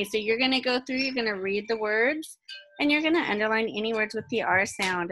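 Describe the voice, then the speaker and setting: A woman's voice: a little high, a bit bright, rough recording. A woman teacher giving a recorded phonics lesson to young children. She speaks patiently, calls on kids by name and answers for them, and praises them often. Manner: patient, talks to children by name, pretend call-and-response; upbeat classroom tone, praises often.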